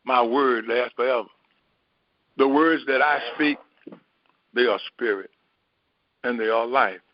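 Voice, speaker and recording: Middle-aged man, mid pitch, reflective Bible teacher thinking aloud; dull dry lo-fi take. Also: no room sound. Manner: unhurried, repetitive, musing aloud. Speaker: spiritual teacher.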